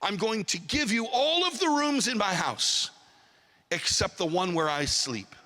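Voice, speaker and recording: A preacher voicing a desperate, indignant man who pleads and bargains in a strained voice that breaks into shouts. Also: high-pitched, expressive, a little slow, exaggerated voice. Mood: bargaining. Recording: long hall reverb.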